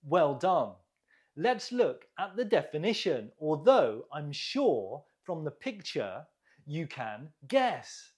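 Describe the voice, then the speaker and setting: Very slow, lively-pitched English teacher. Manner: slow, deliberate drilling with encouraging praise. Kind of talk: online vocabulary lesson.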